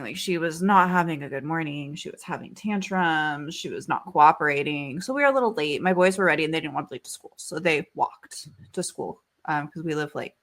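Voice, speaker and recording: A woman's voice: low voice, a bit bright. A woman in her thirties, a podcast co-host, telling a story in casual chat. She rambles with many fillers and swears freely.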